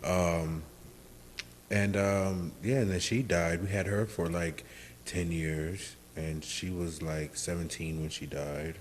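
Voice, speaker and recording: A man co-hosting a podcast, telling stories in a relaxed, casual way with lots of fillers. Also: deep voice, slow, slight background noise, low-quality recording. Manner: relaxed storytelling, many fillers. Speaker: podcast co-host. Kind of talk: casual chat.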